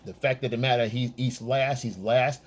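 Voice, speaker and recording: A men's dating coach hands out blunt, profane advice in a casual monologue, regularly checking in with the listener. His medium-pitched voice keeps a fairly even intonation at a moderate pace.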